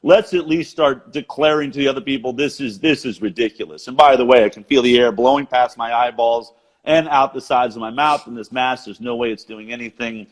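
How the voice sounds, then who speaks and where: A man's voice: medium pitch, brisk. A middle-aged American man with an American accent, earnestly making his case in a rousing conversational monologue on a video call. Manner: earnest, rousing, repeats words when excited. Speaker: show host being interviewed.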